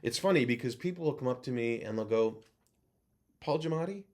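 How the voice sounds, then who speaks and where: A man, a guest actor and voice-over coach, telling lively anecdotes in a casual interview over a video call. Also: mid-range voice, quick pace. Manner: animated anecdote teller who acts out other voices.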